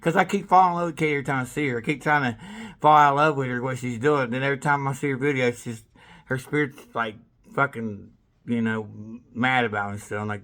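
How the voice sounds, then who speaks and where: A man talking in a rambling, casual monologue, swearing freely and breaking into laughter, swinging from loud excitement to low mumbles. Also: quick pace. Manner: rambling, with restarts and bursts of laughter. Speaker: vlogger.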